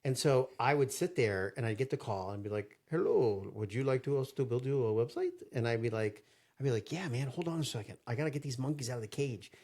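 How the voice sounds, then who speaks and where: A man's voice: mid-range voice, fairly quick. A young man co-hosting a casual podcast, telling stories and acting out phone calls. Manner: animated storyteller, acts out phone calls. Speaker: podcast co-host.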